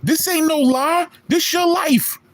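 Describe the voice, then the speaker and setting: A man's voice: very high-pitched, slow, no room sound. A man, streaming a boastful, profane callout rant at a rival in street slang. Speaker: online streamer.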